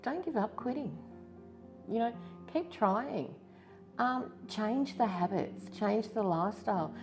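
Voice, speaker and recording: A woman's voice: a little high, expressive, slow pace, a little mellow, faint music behind. A woman in her fifties with an Australian accent, candidly and earnestly telling her own story as a stroke survivor in a testimonial interview. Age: 50s.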